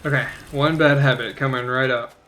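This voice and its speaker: A man's voice: mid-range voice, steady tone, brisk, pushed and bright, a little hiss or hum. A man casually talking through a game tutorial, rambling, joking at his own expense and swearing now and then. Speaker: let's play host.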